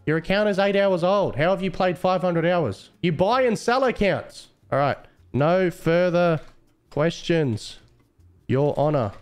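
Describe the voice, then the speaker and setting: Teasing admin, high voice. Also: male voice, animated, measured pace, clear, resonant tone. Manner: teasing, mocking, playful. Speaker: game server admin streamer. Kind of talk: casual live-stream chat.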